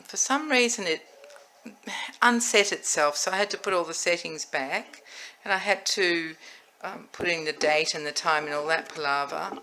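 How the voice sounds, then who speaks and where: A woman's voice: deep voice, bright, forceful tone, slight background noise, low-quality recording. A woman chatting enthusiastically as she shows her doll collection, rambling into little asides. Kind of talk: casual show-and-tell chat.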